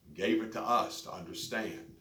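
Distant preacher in an echoey church. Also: male voice, fairly low pitch, normal speed, sharp tone. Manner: storytelling preacher, rising to emphatic peaks. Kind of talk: sermon. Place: church sanctuary. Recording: echoey church, distant mic, faint noise.

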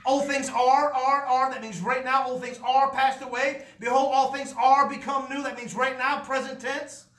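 High bright voiced preacher man, fervent and emphatic, echoey church sound from a bit off mic. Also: flat delivery, moderate pace, recorded from a distance. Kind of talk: sermon with testimony.

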